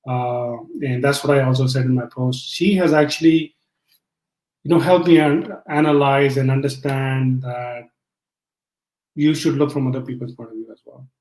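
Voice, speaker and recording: A man's voice: mid-range voice, steady tone, moderate pace, a little mellow, roomy sound, rough recording. A man being interviewed by his wife on a live stream, joking at first and then speaking earnestly, with many fillers. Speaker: guest, the host's husband. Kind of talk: casual live-stream chat.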